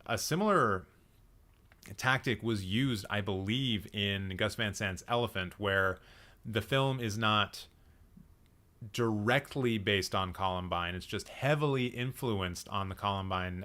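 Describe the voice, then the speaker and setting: A slightly low-voiced man with a bright, forward tone chats casually on a live stream about films. He thinks aloud, circling back with frequent ums and restarts while responding to his chat. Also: measured pace. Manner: reacts to chat comments. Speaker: livestream movie chat host.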